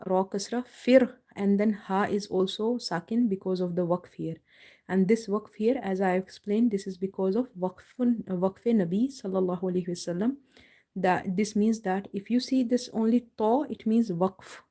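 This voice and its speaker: A woman teaches recitation in a live online class, spelling each word out letter by letter before reading it back whole. Her voice is mellow and sits at a middle pitch. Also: normal speed.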